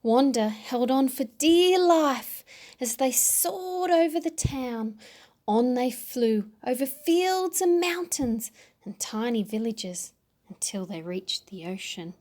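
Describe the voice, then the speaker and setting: Slow, expressive woman storybook narrator. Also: sits high. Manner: expressive, slow, dramatic emphasis. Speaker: audiobook narrator.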